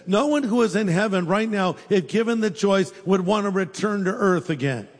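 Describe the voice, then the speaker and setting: A man's voice: sits high, lively intonation, normal speed, hardly any pauses, long reverb tail. A man preaching a sermon as a pastor, in a conversational, humorous storytelling way.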